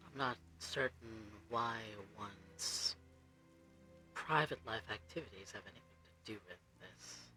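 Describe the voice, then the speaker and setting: A composed, formal woman of some standing, as a male game master puts her on. Her voice is bright and crisp, and her phrasing stays measured and a little stiff. Faint music plays underneath. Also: on the low side. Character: composed female vampire clan elder, formal.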